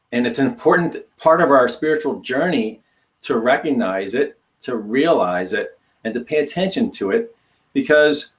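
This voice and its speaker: Man, co-host, casual chat, joking, mid pitch, dull lo-fi sound. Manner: easygoing, joking, laughs between thoughts. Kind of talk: casual talk show chat.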